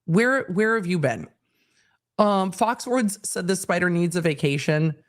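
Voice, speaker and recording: A woman's voice: lowish voice, expressive, unhurried. A woman hosting a live stream, reading out social media replies with laughing, incredulous reactions. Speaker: host.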